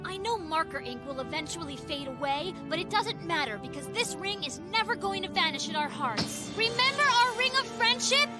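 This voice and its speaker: A woman's voice: extremely high pitch, animated, moderate pace, hardly any pauses, loud music behind the voice. A woman voicing an earnest teenage girl in a dubbed cartoon, pleading with a friend. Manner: pleading, heartfelt. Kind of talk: cartoon dub acting.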